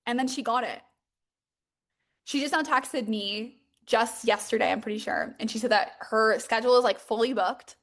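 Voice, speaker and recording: A woman's voice: fairly high pitch, normal speed, a bit bright. Emphatic young woman mindset coach. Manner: casual, emphatic, swears freely, many fillers. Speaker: podcast host, mindset coach. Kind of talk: motivational monologue.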